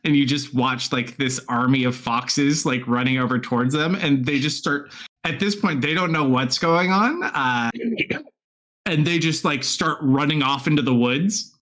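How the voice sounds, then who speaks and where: A man runs the table as game master, his voice sitting at an ordinary middle pitch. He narrates in a relaxed, easygoing way and often breaks into laughter. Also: unhurried.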